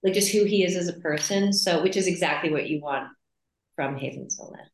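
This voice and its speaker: Lively woman guest, roomy echo. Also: lowish voice, a little fast. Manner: animated, laughing storyteller. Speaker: actress guest. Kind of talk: casual interview chat.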